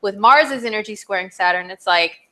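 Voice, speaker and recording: A woman astrologer runs a casual live stream, her voice bright and forward. She is chatty and bubbly, laughing easily as she reads viewers' questions from the chat. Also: medium pitch, moderate pace. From not from New Jersey.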